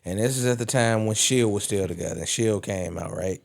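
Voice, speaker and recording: A man on a wrestling podcast panel, chatting casually and telling animated stories, swearing freely as he goes. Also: fairly low pitch, brisk, vocal fry. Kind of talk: casual chat.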